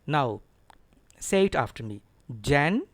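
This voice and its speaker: A middle-aged man teaching an English pronunciation lesson, slowly drilling words with his students through repetition. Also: mid-range voice, animated, gravelly, no room sound.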